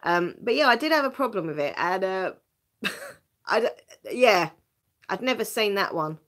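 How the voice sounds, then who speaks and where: Reading viewer comments on a casual live stream, an English woman from Essex talks at a moderate pace in a mid-range, slightly bright voice with lively intonation. She's chatty, makes fun of herself, laughs a lot, and repeats words as she begins sentences.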